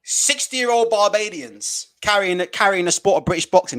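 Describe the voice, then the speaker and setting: Animated man ranting with laughs. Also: high voice, normal speed. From West Indies. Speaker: boxing vlogger. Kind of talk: casual ranting vlog.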